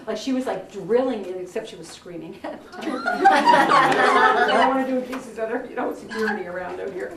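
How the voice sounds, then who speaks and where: A woman's voice: on the high side, fairly quick, hardly any pauses. Woman workshop leader, chatty and anecdotal, recorded from a distance in an echoey room with faint room noise. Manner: chatty, anecdotal, animated storytelling with laughs. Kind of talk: teaching a career workshop to a group.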